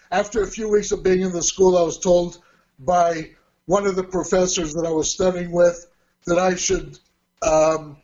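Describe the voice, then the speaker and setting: This interview guest, a man in his sixties, spins meandering anecdotes full of chuckles and self-corrections. He has a high-pitched but darkish voice, heard through a muffled recording.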